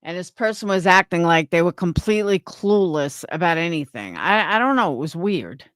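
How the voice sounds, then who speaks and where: A woman's voice: fairly low pitch, expressive, moderate pace, fairly bright tone, no echo, clean studio sound. A woman live streamer chatting casually with her viewers, opinionated and rambling, restarting her sentences.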